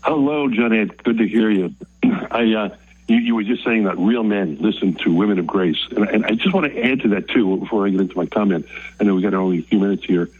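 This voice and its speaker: An older man from Maryland, calling in to a radio show and telling a story in an earnest, emotional, halting way. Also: lowish voice, slightly rough, no room sound. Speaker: caller. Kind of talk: phoned-in call to a radio show. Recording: dull lo-fi phone line.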